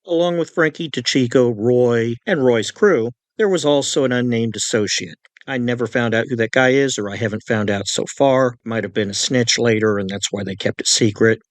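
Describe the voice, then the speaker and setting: A man's voice: medium pitch, no room sound, clean studio sound. Conversational male true crime narrator. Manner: conversational, with personal asides. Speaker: narrator and author.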